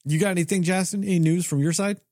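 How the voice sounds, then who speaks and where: A man's voice: sits high, fairly even intonation, quick pace, a little mellow, no echo, studio quality. A man co-hosting a podcast in casual chat, ranting in a heated, profane way. He is from Texas. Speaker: podcast co-host.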